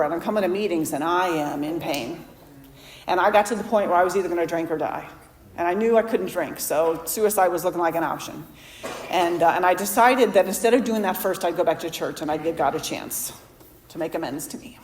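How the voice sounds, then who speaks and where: Woman, recovery meeting speaker, candid storytelling, low-ish voice, echoey hall. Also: a little mellow, slight background noise. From Florida. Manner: candid, self-deprecating storytelling with quoted dialogue.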